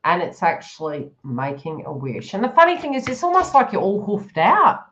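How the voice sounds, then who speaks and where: A woman reads tarot on a live stream with a very animated, swooping voice. She chats and giggles, slipping into quoted inner thoughts of the people she reads for. The audio is a bit dull and lo-fi. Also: medium pitch, moderate pace. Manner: chatty, giggly, acts out the listener's inner thoughts. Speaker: tarot reader. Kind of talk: live-stream psychic reading.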